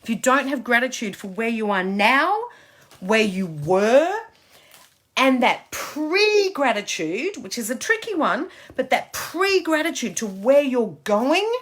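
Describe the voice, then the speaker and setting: Woman life coach on a live stream, bright lively pitch, emphatic, casual. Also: slow. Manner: emphatic and chatty, repeats phrases for stress. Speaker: success coach. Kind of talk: motivational Facebook Live talk.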